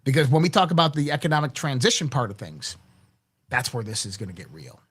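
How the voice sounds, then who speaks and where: A man's voice: mid-range voice, sing-song, fast talker, fairly bright tone, slightly rough. A man hosting a casual political commentary show, talking bluntly with crass language and stumbling restarts. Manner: blunt and crass, often curses and repeats words when restarting. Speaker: host of a daily commentary show.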